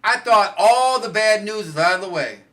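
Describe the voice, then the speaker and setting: A middle-aged man spins a crude story on a podcast, acting out every quote. His voice sits a bit high and rings bright. He talks loosely and swears freely. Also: moderate pace. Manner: crude, animated storyteller who acts out quotes. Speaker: podcast host. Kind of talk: casual storytelling chat.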